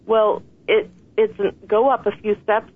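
A woman's voice: medium pitch, flat delivery, unhurried. A woman author talking earnestly and reflectively in an interview. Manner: earnest, reflective, laughs softly. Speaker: author and guest. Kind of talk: interview conversation. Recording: tinny phone line with faint hiss.

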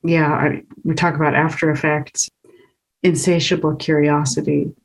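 A woman's voice: sits low, little pitch movement, normal speed, gravelly, breathy edge, rough recording. A woman guest on an interview, earnestly recounting a personal experience and laughing often as she talks. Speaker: guest, author of a book. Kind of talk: casual interview storytelling.

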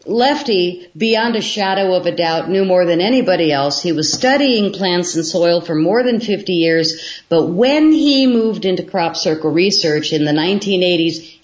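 Animated woman storyteller, roomy lo-fi sound. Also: lowish voice, normal speed, hardly any pauses. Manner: animated storyteller, acts out quotes. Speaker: guest filmmaker. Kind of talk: storytelling in a radio interview.

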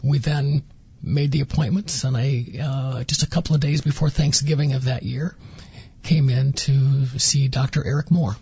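A man's voice: mid-range voice, steady tone, normal speed, gravelly, mellow, husky, no room sound, lo-fi sound. A man guest on a radio interview, earnestly recounting his experience and acting out quoted dialogue. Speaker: interview guest, former patient.

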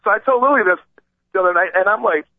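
A man calling in to a radio show and telling an animated, rambling story, acting out the voices of the people in it. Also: high voice, quick pace, no room sound. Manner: excited, acts out quoted voices, rambling. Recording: tinny phone line, dry.

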